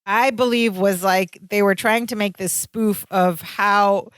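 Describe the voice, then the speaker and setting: Woman in animated podcast chat, dry sound. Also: a little slow, no echo. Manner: animated retelling, acting out quotes in higher voices. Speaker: podcast co-host. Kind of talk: casual chat recapping a sitcom episode.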